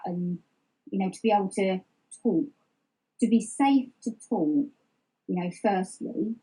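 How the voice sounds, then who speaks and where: In an open personal interview, a middle-aged woman talks reflectively and frankly, often starting her sentences over and leaning on fillers. Her voice is mid-range with a dark, slightly rough tone. The audio is poor.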